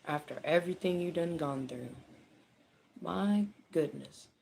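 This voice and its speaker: A woman giving a casual tarot reading, chatty and animated, with frequent laughter and swearing. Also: on the low side, unhurried, vocal fry, a little hiss or hum. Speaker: tarot reader. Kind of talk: casual spoken card reading.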